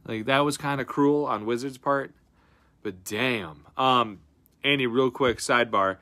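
A man hosting a live card-breaking stream, chatting casually and slangy, flipping between loud excited bursts and quiet breathy mutters. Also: mid-range voice, a little slow. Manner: slangy, says dude and bro a lot.

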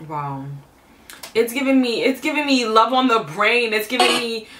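A young woman hosting a casual music reaction vlog, expressive and emotional, talking straight to her viewers. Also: fairly high pitch, moderate pace, noisy background. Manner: expressive, emotional, laughs often. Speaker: reaction video host. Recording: echoey room, mic at a distance.

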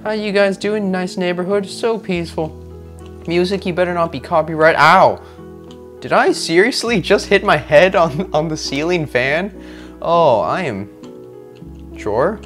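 A young man playing a video game and commenting on it, excitable, joking and rambling as he reacts. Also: sits high, a little slow, faint music behind. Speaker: gaming video host. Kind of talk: let's play commentary.

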